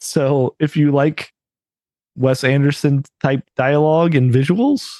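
A man's voice: on the high side, fairly even intonation, measured pace, warm tone, no room sound. A man co-hosting a podcast, chatting casually and rambling with many fillers. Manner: rambling, heavy use of "like" and "uh". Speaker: podcast co-host. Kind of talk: casual chat.

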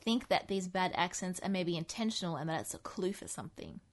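A woman's voice: lowish voice, expressive, a little fast. A woman co-hosting a podcast in casual chat, chatty and laughing as she talks, with many fillers. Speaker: podcast co-host.

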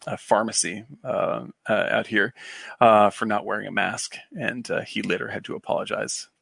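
A man with a gravelly, husky voice that sounds worn out. He rambles through a casual film chat, cursing and laughing as he goes. The sound is dry and close. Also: fairly low pitch, steady tone, moderate pace, a bit bright, dry recording. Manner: rambling, swearing, laughing often. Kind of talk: casual chat about old films.

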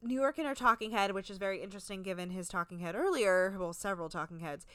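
A woman's voice: mid-range voice, quick pace, hardly any pauses, fairly bright tone, clean tone, dry recording. A woman co-hosting a recap podcast, talking in a frank, crude, chatty way full of filler words. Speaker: podcast co-host recapping a reality show. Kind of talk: casual chat.

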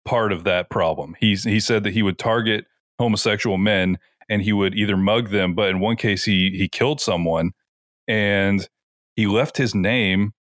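On a podcast, a man who co-hosts recaps an episode in a casual, animated way, his low-leaning voice moving at a normal pace and packed with "like" and filler words. There's no room sound, and the quality is studio-grade.

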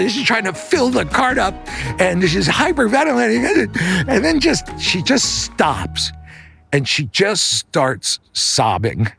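A man's voice: high-pitched, vocal fry, fairly bright tone. A middle-aged man hosting a podcast, improvising a bedtime story in a loose, conversational way with fillers and restarts.

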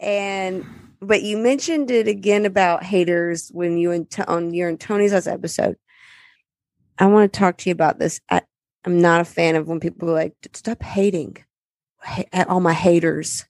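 A woman's voice: lowish voice, steady tone, moderate pace, a little mellow, no room sound. A woman co-hosting a casual podcast chat, blunt, laughing often and swearing freely. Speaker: podcast co-host.

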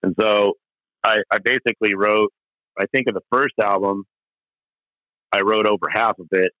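Middle-aged male musician guest, candid and rambling, low-ish bright tense voice, dry close recording. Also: fairly even intonation, normal speed, no room sound, muffled recording. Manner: rambling, many restarts and fillers, candid and profane. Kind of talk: casual storytelling interview.

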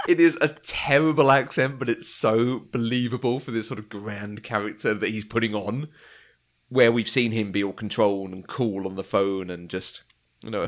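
A man's voice: on the low side, steady tone, normal speed. A man co-hosting a casual film discussion, talking with enthusiasm and often laughing. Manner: enthusiastic, laughs often, quotes lines in voices. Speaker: podcast co-host.

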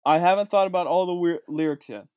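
A man's voice: high voice, quick pace, a little mellow, clean tone, dry recording, highs cut off. Sarcastic man ranting for laughs. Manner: sarcastic, swinging from mutters to outbursts. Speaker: comedic vlogger. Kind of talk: comedic rant to camera.

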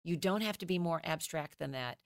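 Low-voiced woman explaining child development. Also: a little fast, no room sound, clean studio sound. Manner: animated, acts out children's voices. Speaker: children's ministry professor, guest. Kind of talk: explanatory podcast interview.

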